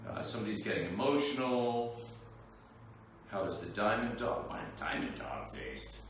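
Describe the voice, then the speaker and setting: A man's voice: fairly low pitch, very animated, moderate pace. A man reading out fan questions in a friendly, casual livestream chat, chuckling, with hesitant fillers. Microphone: phone some distance away. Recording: echoey room, voice from far off, faint background noise.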